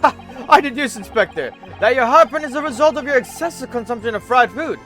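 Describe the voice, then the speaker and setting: A man's voice: extremely high pitch, expressive, brisk, a bit bright, soft background music, pitched above the performer's own voice. A man voicing a flamboyant, smug detective in a video game, speaking in grand declarations.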